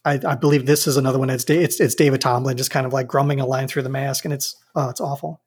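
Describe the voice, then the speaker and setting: A man's voice: medium pitch, steady tone, quick pace, husky. A man chatting casually as a podcast co-host, retelling a scene with amused, rambling restarts. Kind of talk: casual chat.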